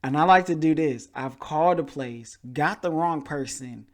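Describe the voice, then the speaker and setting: A man hosting a podcast, telling a story in a casual, animated way and acting out the people he quotes. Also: a little high, normal speed. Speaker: podcast host.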